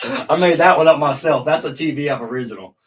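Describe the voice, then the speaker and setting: A man's voice: on the high side, fast talker. A man co-hosting a live podcast in casual banter, cracking crude jokes and laughing at them. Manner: joking, laughs at his own jokes. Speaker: podcast co-host.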